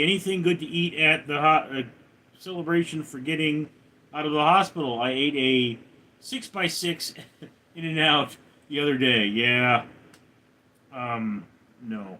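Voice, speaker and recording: A man live streaming, reading viewers' names and questions aloud and answering them in a lower, quieter tone. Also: measured pace. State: recovering from a hospital stay. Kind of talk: casual live stream chat.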